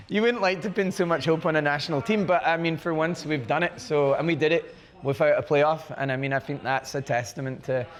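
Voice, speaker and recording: A man with a Scottish accent, a guest on a casual podcast, telling animated stories and acting out dialogue. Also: on the high side, fairly quick. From Crieff, Scotland. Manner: animated storyteller, acts out quoted dialogue. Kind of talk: casual conversation. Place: bar, live recording.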